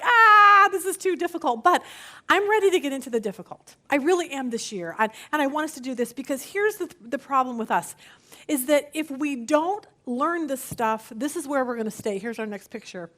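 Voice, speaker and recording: A middle-aged woman teaching a women's Bible study, earnest and lively, often repeating words and joking with the group. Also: high-pitched.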